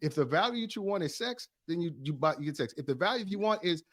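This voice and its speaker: A man's voice: a little high, expressive, fast talker, a bit bright. Argumentative man defending his point. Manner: argumentative, restarts often, sarcastic. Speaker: panelist. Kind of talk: heated group debate.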